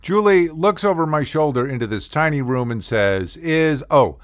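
A man's voice: on the high side, sing-song, normal speed, no room sound, clean studio sound. An older man telling wry, self-deprecating comic stories about his college days. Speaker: comedic storyteller. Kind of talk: humorous personal storytelling.

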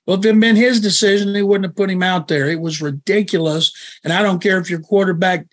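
A man with a fairly high voice talks football as a guest columnist. He is blunt and opinionated, and he hammers home his verdicts with emphasis. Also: fairly even intonation, fast talker. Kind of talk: sports talk radio discussion.

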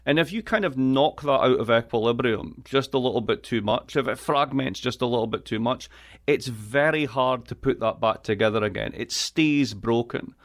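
A man talking as a professor in an interview, speaking in a reflective, measured way from a home music studio. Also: mid-range voice. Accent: Scottish. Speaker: political economy professor, guest. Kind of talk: conversational interview.

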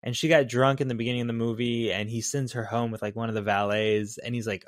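A man's voice: mid-range voice, flat delivery, quick pace, hardly any pauses, no room sound, studio quality. A man co-hosting a podcast who talks casually and teasingly about a film, with fillers. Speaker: podcast co-host. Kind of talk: casual movie discussion.

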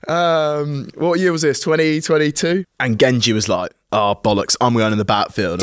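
A man's voice: mid-range voice, normal speed, few pauses, smooth. A man in middle age, co-hosting a podcast, telling teasing stories in casual chat. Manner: animated storytelling, teasing. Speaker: podcast co-host.

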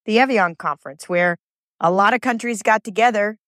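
A woman's voice: medium pitch, a little fast, a bit bright, no echo, clean studio sound. A woman hosting her podcast alone, speaking, earnest and emotional, often stumbling and repeating words. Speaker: podcast host. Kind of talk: heartfelt solo podcast monologue.

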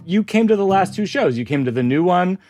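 Higher-voiced male podcast host, rambling. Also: lively intonation, a little fast, a little mellow, soft background music. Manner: rambling, self-interrupting storyteller. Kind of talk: casual conversational interview.

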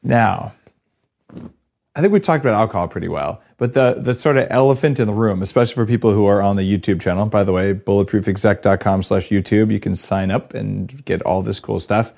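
American man, middle-aged, podcast host, lowish voice, dry wit, stammering restarts. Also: a little fast, vocal fry, darkish tone. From United States. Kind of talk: casual podcast conversation.

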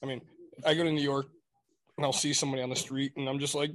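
Animated man telling stories. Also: medium pitch, fast. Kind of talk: casual podcast chat.

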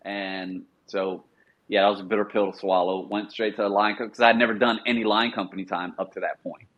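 A man's voice: brisk, muffled recording. A middle-aged man, a former Marine, telling service stories in a casual interview and acting out the officers he quotes. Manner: animated storyteller, acts out quoted officers in a higher voice. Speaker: podcast guest, former Marine sniper.

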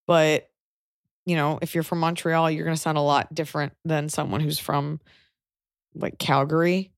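A woman's voice: deep voice, level tone, moderate pace, gravelly, no room sound, clean studio sound. A woman hosting a podcast, giving frank advice in casual chat with joking asides. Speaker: podcast host.

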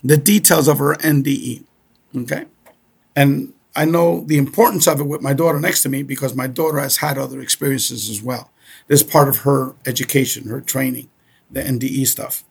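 Middle-aged Cuban-born man, gravelly and husky, chatty storyteller who keeps asking "okay?". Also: medium pitch, brisk. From Cuba. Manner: repeats "okay?" often, animated storyteller. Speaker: guest. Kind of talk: casual storytelling.

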